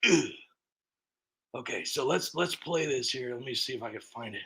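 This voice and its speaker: A man hosting a comedy channel, ranting in sarcastic commentary with stammering restarts and sudden shouted outbursts. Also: medium pitch, lively intonation, moderate pace, gravelly, pauses often.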